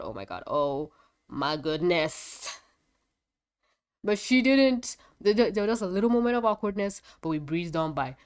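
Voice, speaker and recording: A woman with a somewhat low, stuffed-up, congested voice talks through a casual video review. She rambles, backtracks and laughs easily, a little scattered as she goes. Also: darkish tone, clear, resonant tone. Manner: rambling, chatty, quick to laugh; a bit foggy and scattered. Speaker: show reviewer.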